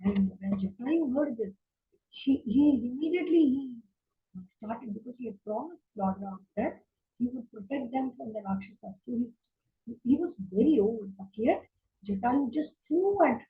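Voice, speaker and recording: A woman storyteller narrating an epic tale for children, with a fairly high voice. She hesitates often with fillers. The sound is thin and phone-like, with the mids squeezed and the lows gone.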